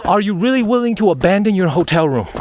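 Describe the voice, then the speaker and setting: Climbing a mountain trail, this man talks fast through his travel vlog in a high, lively, slightly mellow voice. He keeps chatting, repeating himself and thinking out loud as he runs short of breath.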